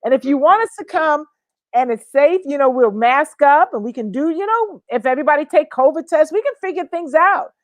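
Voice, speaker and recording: A woman co-hosting a casual online talk show, lively and chatty, often talking over her co-host. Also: sits high, a little fast, dry recording.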